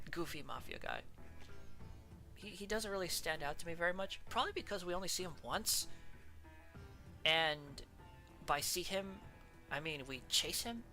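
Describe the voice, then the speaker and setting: Streamer, casual chat, giggly, rambling, very animated pitch, faint music behind. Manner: giggly, rambling, trails off and restarts. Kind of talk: casual chat ranking characters, reading chat.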